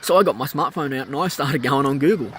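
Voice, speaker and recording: A man telling a personal story in a casual vlog, animated and acting out the voices of people in it. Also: mid-range voice, quick pace, a little hiss or hum. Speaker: vlogger, pilot.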